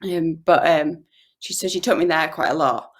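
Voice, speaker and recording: A woman's voice: sits low, moderate pace. A woman in her thirties with a strong Yorkshire accent, chatting as a podcast guest over a video call and laughing often. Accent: Yorkshire English. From Yorkshire, England. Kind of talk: casual video-call chat.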